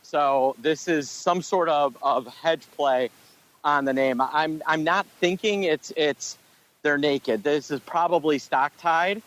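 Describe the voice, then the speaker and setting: A man's voice: fairly high pitch, slow, fairly bright tone, a little hiss or hum. A man co-hosting a podcast, giving casual market commentary in a wry, punning, somewhat hesitant way. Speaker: podcast co-host.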